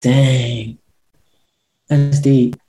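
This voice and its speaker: A woman interviewer with a low, mellow voice who reacts warmly and stumbles over her words now and then. She talks casually, and the room around her has a noticeable echo. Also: steady tone, very slow, faint music behind. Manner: warm, reactive, searching for words. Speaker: podcast host. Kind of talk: conversational interview.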